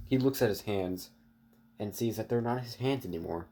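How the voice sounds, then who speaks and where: A man's voice: lowish voice, moderate pace, a little mellow. A man casually narrating an improvised story, rambling with fillers and restarts and talking to his viewers. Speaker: online storyteller.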